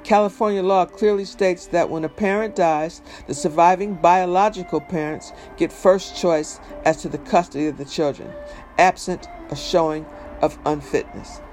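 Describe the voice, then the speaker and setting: A man's voice: sits high, fairly even intonation, moderate pace, a little mellow, faint music behind, close to an everyday voice. A man reading a memoir aloud and voicing a nervous judge who delivers a custody ruling in formal legal terms. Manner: formal, apologetic.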